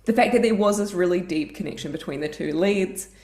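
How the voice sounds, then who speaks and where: A woman co-hosting a fan podcast, chatting casually and gushing with excited little noises. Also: lowish voice, a little fast, echoey room. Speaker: podcast co-host.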